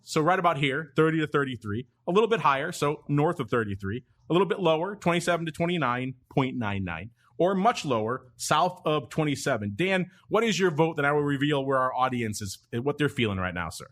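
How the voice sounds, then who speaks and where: A man's voice: on the high side, lively intonation, a little fast, few pauses, a bit bright. A man hosting a casual finance podcast, upbeat and reading listener questions aloud. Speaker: podcast host.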